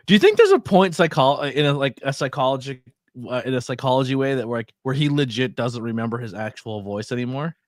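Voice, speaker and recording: A man of middle pitch jokes his way through a wrestling podcast, tossing in quick asides and breaking into laughter. His voice sits close and dry on the mic. He talks plainly and easily. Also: sing-song, no room sound. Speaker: podcast co-host. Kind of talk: casual wrestling chat.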